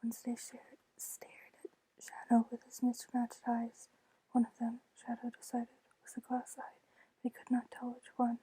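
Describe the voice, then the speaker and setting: A woman reading a novel aloud in a soft unvoiced whisper, whispered role-play style. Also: fairly high pitch, monotone, a little slow, slightly rough, low-quality recording. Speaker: ASMR book reader.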